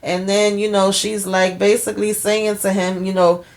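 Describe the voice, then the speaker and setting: A woman casually recapping a TV episode for her viewers, animated and chatty, acting out characters' lines. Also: moderate pace. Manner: animated storytelling, acts out characters' lines with pitch jumps; chatty, addresses viewers as y'all. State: tired. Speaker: TV recap host.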